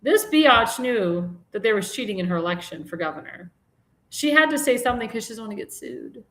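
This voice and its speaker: A woman's voice: fairly high pitch, big pitch swings, brisk, fairly bright tone. Chatty woman host, roomy sound. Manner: chatty, rambling, many fillers and restarts; indignant, scolding. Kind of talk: casual political talk show commentary. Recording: roomy echo.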